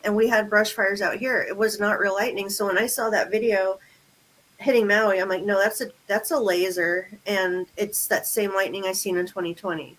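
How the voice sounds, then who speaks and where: A woman from Southern California telling an excited story on a casual radio chat and chiming in with agreements. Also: mid-range voice, moderate pace, low-quality recording.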